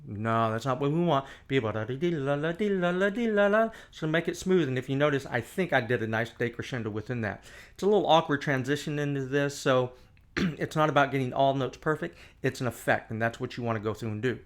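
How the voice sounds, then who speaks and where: A man's voice: mid-range voice, fairly quick. Male music teacher, casual explaining, scats lines, camera mic. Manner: scats melodies with nonsense syllables. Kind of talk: casual instructional talk. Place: indoor room, camera on tripod.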